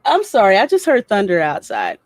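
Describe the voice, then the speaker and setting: A woman's voice: medium pitch, huge pitch swings, normal speed, no room sound. A woman hosting a casual livestream, chatty and laughing often as she greets viewers by name and reads their messages. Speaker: livestream host reading chat.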